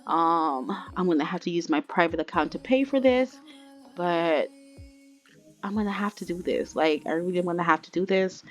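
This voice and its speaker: A woman voicing an anxious, secretive young pregnant woman who talks in hesitant, halting bursts, as she voices characters in a game let's play. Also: lowish voice, voice pushed down, natural voice. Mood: worried.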